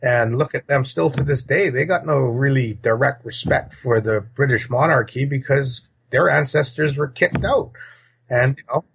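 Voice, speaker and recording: A gravelly man from North America holds forth as a podcast guest, blunt and rambling as he jumps from point to point. His voice is rough and husky, and the lo-fi recording sounds dull. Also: mid-range voice, normal speed. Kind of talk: casual opinionated talk.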